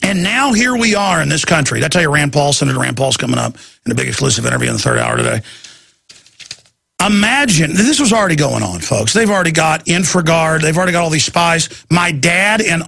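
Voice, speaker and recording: Rambling, excitable radio host, middle-aged man, bright and forceful, gravelly tone. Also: fairly high pitch, a little fast, no room sound. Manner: excitable, rambling, acts out quotes. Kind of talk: ranting talk radio monologue.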